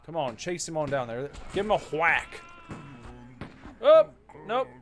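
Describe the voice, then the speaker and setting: This gaming channel host has a slightly high, very animated voice with a fairly bright tone, speaking at a measured pace over faint background music. He casually comments on his let's-play, drifting into wry, mock-serious rants.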